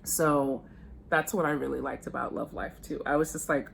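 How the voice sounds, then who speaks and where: American woman doing a grwm, deep-ish voice, chatty and candid, swears a bit. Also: fairly even intonation, moderate pace, gravelly, a little hiss or hum. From United States. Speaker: beauty vlogger. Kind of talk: casual get-ready-with-me chat.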